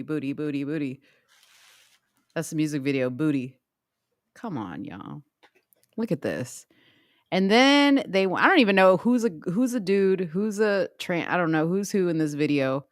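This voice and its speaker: Animated low-voiced woman co-host. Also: a little slow, pauses often, no room sound, studio quality. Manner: animated, reactive, swings between loud exclamations and low mutters. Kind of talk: casual livestream chat.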